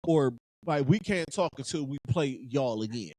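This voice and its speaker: A man's voice: medium pitch, expressive, moderate pace, a little mellow, no room sound. A man in his thirties hosting a sports podcast in casual talk, fired up and emphatic, repeating phrases for effect.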